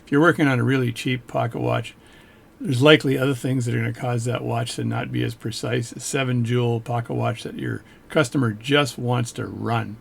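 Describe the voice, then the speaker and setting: Watch repair guy reviewing a book, rambly and jokey, gravelly kinda husky voice. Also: medium pitch, fairly even intonation, fairly quick. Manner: rambling, self-interrupting, joking asides. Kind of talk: casual talk on camera.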